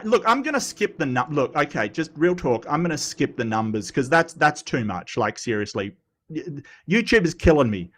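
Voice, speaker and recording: Animated man hosting a stream. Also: fairly high pitch, normal speed. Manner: animated, self-mocking, stumbling over words. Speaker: host. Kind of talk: casual livestream commentary.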